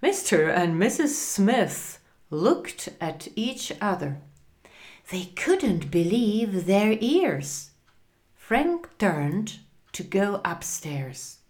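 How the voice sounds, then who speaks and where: A woman narrating a storybook in a clear, deliberate reading voice. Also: mid-range voice, big pitch swings, darkish tone.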